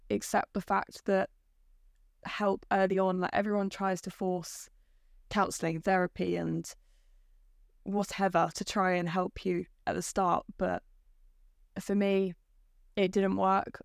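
A young woman at university, speaking thoughtfully and haltingly in a casual podcast chat. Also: lowish voice, creaky, smooth, no room sound, studio quality. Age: young adult. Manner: halting, thoughtful, pauses mid-sentence. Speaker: university student guest.

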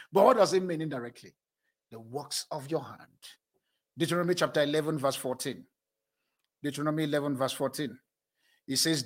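High husky-voiced male preacher. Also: fairly quick. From moved to South Africa as an adult. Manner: animated preaching, often laughing mid-sentence. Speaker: pastor. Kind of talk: sermon.

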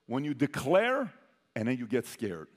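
A man telling a personal story to a live audience as a motivational speaker. He quizzes the crowd and swings between loud bursts and hushed asides. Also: medium pitch, huge pitch swings, a little slow. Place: large hall with an audience. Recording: long hall reverb.

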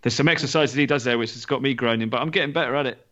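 Male podcast co-host, casual and halting, stumbles over words, dull lo-fi sound. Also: medium pitch, fairly bright tone. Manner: halting, repeats words, good-humoured. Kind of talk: casual chat. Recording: muffled lo-fi audio.

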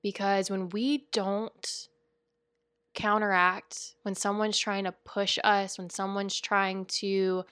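A woman's voice: mid-range voice, flat delivery, takes it slowly, a bit bright, no echo. Woman doing a spiritual podcast, earnest and chatty, wanders off on tangents, dry close sound. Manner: earnest, chatty, rambling with frequent asides. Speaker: podcast host, spiritual coach. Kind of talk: casual spiritual podcast monologue.

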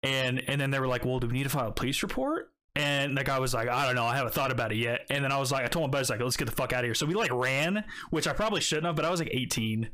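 A man's voice: medium pitch, rapid-fire, hardly any pauses, pushed and bright. A young man casually telling a story, swearing often and rambling with many fillers. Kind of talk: casual chat.

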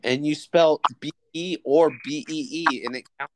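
A man's voice: fairly high pitch, steady tone, normal speed, noisy background. A young man hosting a podcast in casual chat, joking and teasing with plenty of swearing. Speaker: podcast host.

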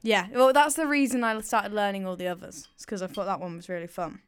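A woman's voice: medium pitch, fairly even intonation, fast, smooth. A young woman, a podcast guest who chats casually, giggling and poking fun at herself. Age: young adult. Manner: giggly, self-mocking, chatty.

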